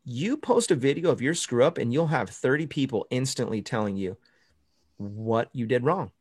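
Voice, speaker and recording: A man who is a pastor, telling animated stories in a casual chat over a video call. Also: mid-range voice, moderate pace, husky, dry recording. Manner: storytelling, animated, laughs often. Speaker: podcast guest and pastor.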